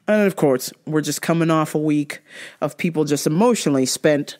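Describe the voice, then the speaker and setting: A woman's voice: low voice, normal speed, darkish tone. A woman hosting a podcast, ranting bluntly and casually, swearing constantly. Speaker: podcast host. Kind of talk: casual profane rant.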